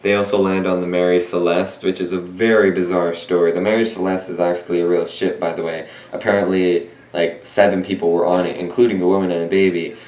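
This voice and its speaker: Deep-voiced young man rambling in echoey room. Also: level tone, a little fast, hardly any pauses, a little mellow. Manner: rambling, self-correcting, many fillers. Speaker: video reviewer. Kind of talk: casual review monologue. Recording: roomy echo.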